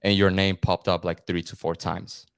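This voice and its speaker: A man's voice: sits low, little pitch movement, normal speed, gravelly, smooth, no room sound. A man hosting a podcast, upbeat and friendly, introducing his guest with fillers. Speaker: podcast host. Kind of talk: casual interview hosting.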